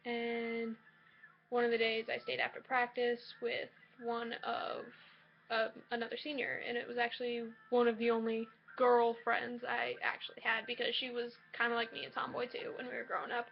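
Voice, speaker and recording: A woman's voice: on the high side, completely flat delivery, normal speed, gravelly, dull audio, slight background noise. A young woman in college telling a personal story to her camera in a casual, hesitant way, with lots of likes and restarts, in a shared dorm room. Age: young adult. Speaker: college student vlogger.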